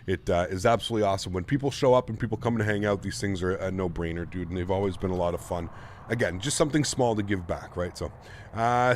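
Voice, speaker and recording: A man's voice: low-pitched, quick pace, slight background noise. A man streaming a flight simulator, chatting casually and thanking his viewers in a friendly way. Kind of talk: casual livestream commentary.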